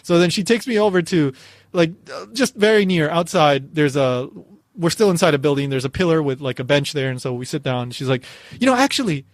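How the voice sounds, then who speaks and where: A man hosting a podcast, telling a story in a casual and animated way. He laughs often and restarts his phrases a lot. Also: a little high, fairly quick, no echo, studio quality. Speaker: podcast host.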